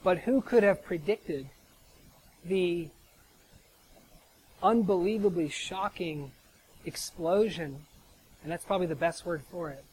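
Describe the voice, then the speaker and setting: In a rough recording with slight hiss or hum, a slightly high-voiced American man preaches chattily. His conversational sermon is peppered with rhetorical "right?" check-ins.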